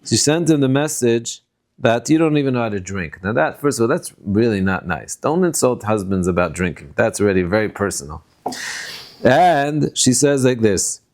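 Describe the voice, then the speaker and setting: A man, a rabbi, giving a conversational Torah lecture. He sprinkles in Yiddish and Hebrew terms and acts out quotes with sudden high bursts. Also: animated, fairly quick, darkish tone.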